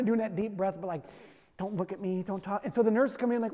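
A man's voice: high-pitched, rapid-fire, dark tone, long reverb tail. A man preaching a sermon in a conversational, emphatic way, with self-deprecating humor. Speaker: pastor.

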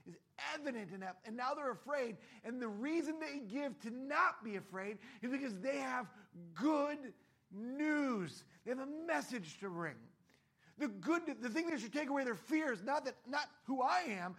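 Husky high-voiced man preaching a sermon. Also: fairly bright tone. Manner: conversational, acts out voices in quotes. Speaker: pastor.

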